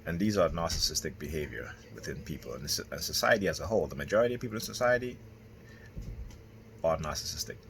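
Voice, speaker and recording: Very deep-voiced man rambling to camera. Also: lively intonation, fast talker, a bit bright, slight background noise. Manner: rambling, with constant "right?" and "okay?" tags. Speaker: vlogger. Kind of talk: casual monologue to camera.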